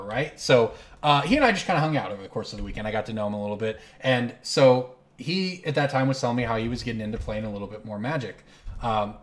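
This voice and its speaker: A man hosting a card game stream, telling a long anecdote between moves, rambling and correcting himself as he goes. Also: on the low side. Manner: rambling, self-correcting, animated storyteller. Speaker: host playing online card game. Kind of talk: casual storytelling while playing.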